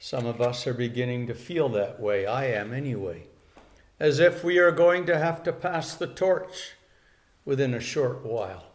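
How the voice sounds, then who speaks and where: A man's voice: medium pitch, moderate pace. An older man preaching a sermon in an earnest way, repeating key phrases for emphasis.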